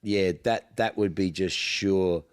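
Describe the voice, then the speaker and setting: A man co-hosting a podcast, chatting casually with short, supportive and halting remarks. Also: low-pitched, steady tone, smooth. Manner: brief supportive interjections, halting phrasing. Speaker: podcast co-host. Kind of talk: casual chat.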